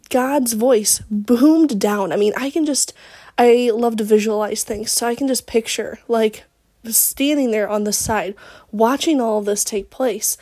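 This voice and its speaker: A woman's voice: on the high side, mellow, no echo. A young woman hosting a devotional podcast, talking casually and earnestly with lots of "like" fillers and rising enthusiasm.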